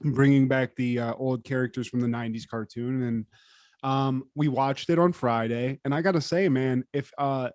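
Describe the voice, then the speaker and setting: A man co-hosting a podcast in casual chat, animated and profane, with lots of fillers. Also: mid-range voice, dry recording, studio quality. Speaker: podcast co-host.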